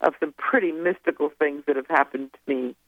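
A woman with a deep voice, speaking a little fast, is interviewed as a guest author over a tinny telephone line with no echo. She's loose and conversational, wandering and faltering as she recalls events.

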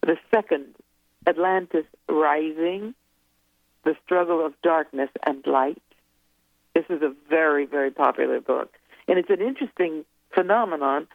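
This guest author's voice sits low with some vocal fry, moving at a moderate pace on a tinny phone line with no echo. Relaxed in the interview, she wanders and pauses as memories come back to her.

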